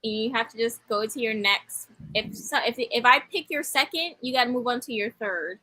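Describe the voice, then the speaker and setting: A woman's voice: on the high side, moderate pace, bright, forceful tone, no room sound, poor audio. A woman co-hosting a wrestling podcast, chatting casually in a teasing, easygoing manner. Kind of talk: casual chat.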